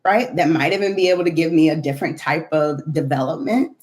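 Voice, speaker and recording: Podcast guest, middle-aged woman, deep for her sex, earnest and conversational. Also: brisk, few pauses, a little mellow. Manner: earnest, thinks aloud with frequent "right?". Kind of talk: casual conversational chat.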